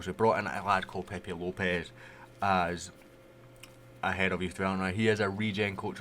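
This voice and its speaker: A man with a deep voice talks loosely through a football management game, chatty and unhurried, with plenty of asides. A faint hum sits under his desk-mic recording. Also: a bit bright. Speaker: gaming YouTuber. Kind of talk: casual game commentary.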